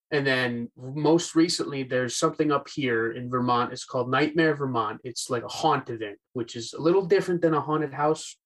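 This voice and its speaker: A man's voice: mid-range voice, fairly bright tone, poor audio. Chatty young man on a video call. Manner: chatty, self-deprecating, many fillers. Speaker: podcast guest, voice actor. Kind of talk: casual chat.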